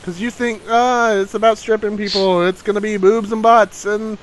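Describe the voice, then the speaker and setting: A man hosting a casual gaming podcast, talking in an excitable, jumpy way. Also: sits high, moderate pace, a little hiss or hum, poor audio. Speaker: show host.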